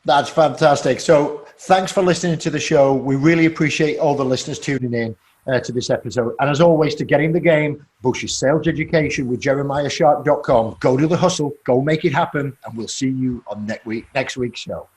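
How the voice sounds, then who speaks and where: Guy hosting a podcast, chatty, mid pitch, rambles into stories. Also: fairly quick, darkish tone. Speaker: podcast host. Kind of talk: casual interview chat.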